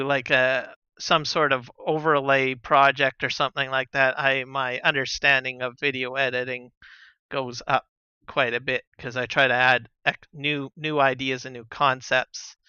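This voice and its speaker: A man chatting casually on a live gaming stream, relaxed and rambling with lots of fillers and soft chuckles, on a slightly dull lo-fi mic. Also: mid-range voice, smooth, no room sound. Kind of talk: casual live-stream chat while playing.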